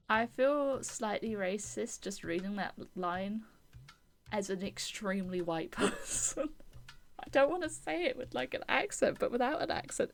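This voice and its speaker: A woman's voice: medium pitch, lively intonation, a little slow, creaky. A young woman streamer chatting casually over a story game, laughing and making self-deprecating asides.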